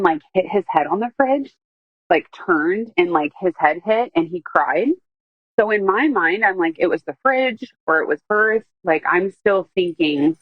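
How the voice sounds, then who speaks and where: Woman, lowish voice, rambling storytelling, lots of fillers, dry slightly dull audio. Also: no echo. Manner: rambling, many "like" fillers, quotes others. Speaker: guest telling her story. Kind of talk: personal storytelling on a podcast.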